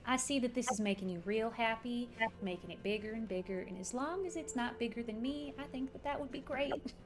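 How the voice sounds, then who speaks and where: A woman's voice: fairly high pitch, fairly quick, close to an everyday voice. A woman voicing a small, timid, four-foot-tall woman who speaks sheepishly and politely.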